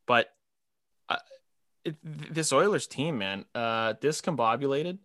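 A young man co-hosting a casual sports podcast, animated, laughing often and mimicking quotes. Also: mid-range voice, a little slow, no echo, studio quality. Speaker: podcast co-host.

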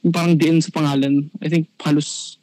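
A man's voice: on the high side, little pitch movement, brisk, mellow, low-quality recording. Hesitant man chatting. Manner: hesitant, many restarts, mixes in Tagalog. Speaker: podcast guest. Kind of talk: casual chat.

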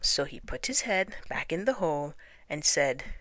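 A woman narrating a children's storybook aloud, gentle and expressive. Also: deep voice, normal speed, no room sound. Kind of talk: storybook reading.

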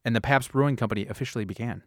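A man's voice: mid-range voice, rapid-fire, no room sound, clean studio sound. Man rambling through a casual podcast. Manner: rambling, fumbles and laughs at himself. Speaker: podcast host. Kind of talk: casual comedic chat.

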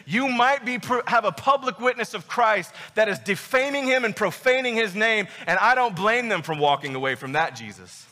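High bright-voiced pastor man preaching, emphatic and emotional, echoey church hall. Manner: emphatic, emotional, rhetorical questions. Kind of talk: sermon.

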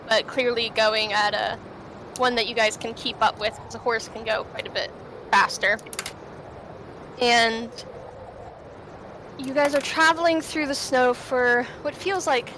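A woman runs a tabletop game, narrating the scene slowly and loosely and pausing often with fillers. Her voice sits a little high. Steady background noise runs beneath the recording. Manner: relaxed, unhurried narration with many fillers. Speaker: game master.

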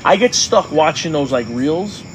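A man's voice: a little high, expressive, a little slow, slight background noise. A man co-hosting a podcast, telling rambling stories in casual chat, full of fillers and swearing. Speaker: podcast co-host.

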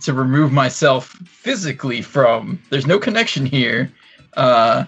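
A man's voice: mid-range voice, lively intonation, measured pace, fairly bright tone, slightly rough, faint music behind. A man playing a tabletop game, talking hesitantly with many fillers and laughs. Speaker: player. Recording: dull lo-fi recording.

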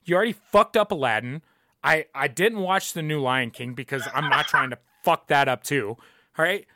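Young man, podcast host, emphatic profane rant, repeats himself, sharp tone, dry close sound. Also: on the high side, normal speed, dry recording. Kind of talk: casual ranting commentary.

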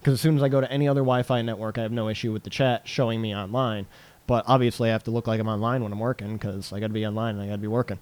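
A man co-hosting a casual chat, loud and animated, swearing and laughing often. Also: fairly low pitch, rapid-fire.

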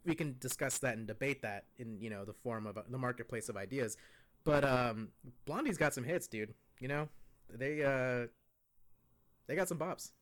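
A man's voice: mid-range voice, normal speed, a bit bright. A man co-hosting a podcast, chatting casually in a laid-back, slangy, rambling way. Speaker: podcast co-host. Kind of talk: casual chat.

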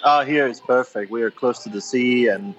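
A man's voice: medium pitch, normal speed, muffled recording. A man from Denmark with a Danish accent, chatting easily as a guest in a casual remote interview while on holiday by the sea. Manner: relaxed, chatty, laughs easily. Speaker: guest, longtime fan. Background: faint background music.

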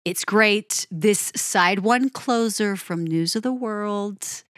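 A woman's voice: medium pitch, takes it slowly, no echo, clean studio sound. Gushing woman breaking down a rock song. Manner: gushing, animated, addresses viewers directly. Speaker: music reviewer.

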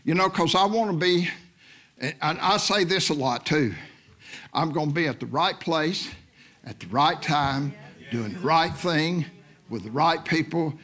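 A man with a high, bright voice preaches to a church congregation. He shifts between calm, low-key scripture teaching and bursts of loud, shouted exhortation. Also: unhurried. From Oklahoma. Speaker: guest minister. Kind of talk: sermon. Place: church sanctuary.

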